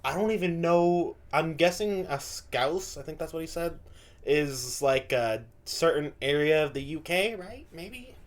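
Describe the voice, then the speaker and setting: A man's voice: on the high side, lively intonation, a little slow. A man from the United States giving casual reaction commentary, loose and slangy, swearing freely. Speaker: reaction video host.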